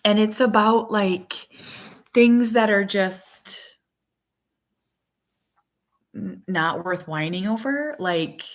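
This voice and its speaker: A woman in her thirties, a mother, talking casually on a live chat stream, rambling with many fillers and quick laughs. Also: fairly low pitch, fairly bright tone.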